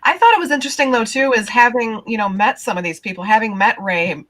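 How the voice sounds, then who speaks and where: A woman's voice: fairly high pitch, fast, a bit bright. A woman co-hosting a casual stream chat, thoughtful and hesitant. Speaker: stream co-host.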